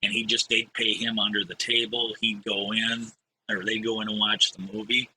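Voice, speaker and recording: A man's voice: lowish voice, level tone, normal speed, pushed and bright, slight background noise, rough recording. A middle-aged man and streamer telling stories in a casual, rambling way, swearing now and then. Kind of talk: casual storytelling.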